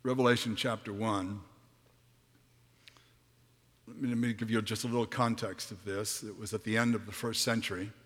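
A man preaching a sermon, reading scripture dramatically and swinging from hushed words to booming ones. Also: fairly even intonation, moderate pace, long pauses, breathy edge, long reverb tail. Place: large church hall.

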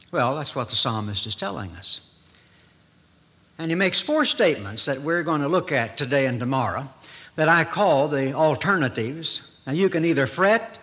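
A man preaching a sermon in a folksy manner, with dramatic pauses and rising emphasis. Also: mid-range voice, sharp tone. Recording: echoey hall.

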